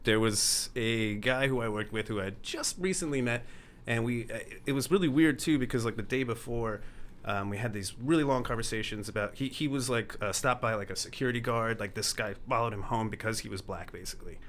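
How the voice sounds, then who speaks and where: A young man tells a story on a podcast in a loose, rambling way. He restarts his sentences and laughs his way through. His pitch sits in an ordinary middle range, and a faint hiss runs under the recording. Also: a little fast, fairly bright tone. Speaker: podcast guest. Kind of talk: casual storytelling.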